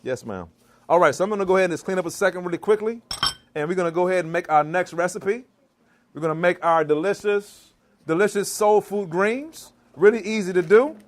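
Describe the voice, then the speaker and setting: High-voiced preacherly vegan chef. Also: male voice, a little fast. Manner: preacherly, calls out to the crowd. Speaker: vegan chef giving a cooking demo. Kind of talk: lively cooking demonstration to a live audience. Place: church hall kitchen.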